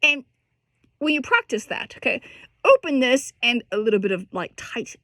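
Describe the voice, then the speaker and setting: A woman's voice: on the high side, sing-song, moderate pace, pushed and bright, no room sound. A woman teaching a singing lesson, explaining technique with lots of restarts and breaking into short sung and spoken demonstrations.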